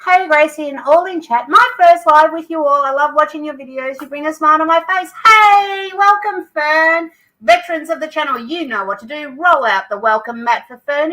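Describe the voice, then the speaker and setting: Bright chatty Australian woman host. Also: high voice, low-quality recording. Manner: chatty, reads out viewer comments. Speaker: craft channel host. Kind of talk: live stream chat, greeting viewers.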